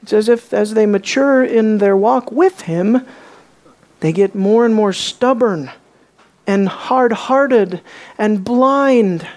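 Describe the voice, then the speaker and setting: A woman preaching a sermon, emphatic, swinging from raised questions to quiet, low emphasis. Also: slow pace. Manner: emphatic, rising and dropping to quiet for effect.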